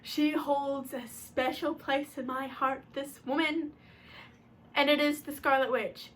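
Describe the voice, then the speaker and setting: A young woman vlogging at home, chatting to the camera in a gushing, excitable way, sometimes half-shouting. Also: high-pitched, slow pace. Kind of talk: casual chat to camera. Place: room at home.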